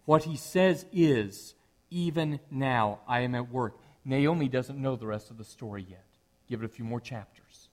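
A middle-aged man, a pastor, preaching a sermon in a conversational way that rises at times to animated emphasis. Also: medium pitch, a little slow.

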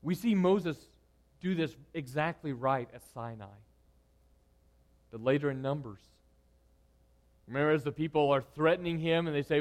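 A man preaching a sermon, moving between loud, emphatic lines and hushed, quiet ones. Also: a little high, moderate pace, long pauses. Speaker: pastor.

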